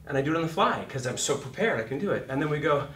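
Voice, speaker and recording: A middle-aged man teaching acting in a lecture, swearing freely and acting out scenes with sudden shouts. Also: a little high, lively intonation, very fast, recorded from a distance, a little hiss or hum. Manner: profane, acts out voices and shouts mid-talk. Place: lecture room. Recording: echoey room, heard from off mic.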